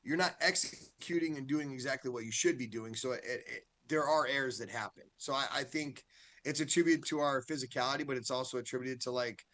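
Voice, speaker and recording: A man, a high school football coach, talking candidly and loosely in a casual interview, often checking in with "right?". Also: a little fast, a bit bright.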